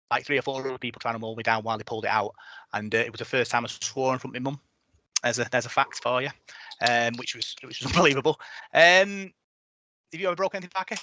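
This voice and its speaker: Bright-voiced man, dry mic. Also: mid-range voice, dry recording. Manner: chatty, animated storytelling. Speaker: podcast host. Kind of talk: casual podcast chat.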